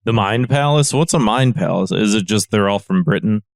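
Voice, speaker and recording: A man co-hosting a comedy podcast, talking in a deadpan, wisecracking way. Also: on the low side, moderate pace, vocal fry, no echo, studio quality. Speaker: podcast co-host. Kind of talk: casual comedy chat.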